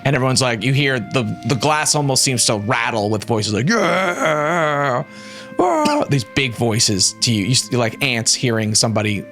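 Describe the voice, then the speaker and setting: A man narrating a tabletop game as game master, in an animated, casual storytelling way with frequent fillers. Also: medium pitch, fairly quick, hardly any pauses, faint music behind.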